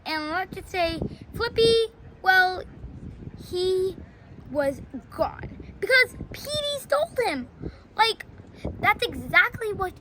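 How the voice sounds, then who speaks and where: A chatty woman retells a storybook plot in a casual, rambling way, filling gaps with "like". Her voice is high and lively, but she speaks slowly. The recording is noisy.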